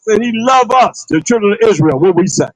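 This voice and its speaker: A man preaches in a loose, conversational manner, circling back to the same points and firing off rhetorical questions. His voice sits fairly high and has a husky edge. The recording is dry and close. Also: lively intonation, a little fast, no room sound, low-quality recording. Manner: colloquial, calls on a reader to read. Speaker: priest. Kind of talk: livestreamed sermon.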